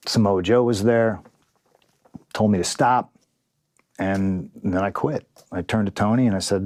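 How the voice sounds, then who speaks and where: Blunt, profane man with a low voice. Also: unhurried, pauses often, a little mellow. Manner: acts out quoted dialogue. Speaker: interview guest, pro wrestler. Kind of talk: candid storytelling in an interview.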